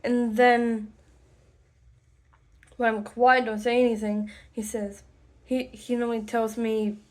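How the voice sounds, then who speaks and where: A woman talking to the camera about something personal, slowly and haltingly, with many pauses and restarts. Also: on the high side, flat delivery, darkish tone. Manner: slow, halting, deliberate with frequent pauses and restarts. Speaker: vlogger.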